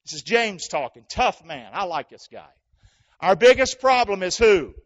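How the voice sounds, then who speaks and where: A high-voiced male pastor preaches to his congregation. He calls for answers, booms out lines and then drops to a near whisper. The church recording sounds dull and muffled. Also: sing-song, moderate pace. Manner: call-and-response preaching, swings from shouting to hushed. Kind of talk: sermon.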